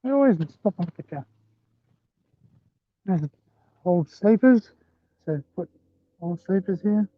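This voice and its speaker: With a high-pitched, expressive voice, this man talks slowly and pauses often as he walks a rural rail trail. He's livestreaming from a handheld phone, chatting loosely and calling viewers "guys." The recording has no room sound and a thin, phone-like tone.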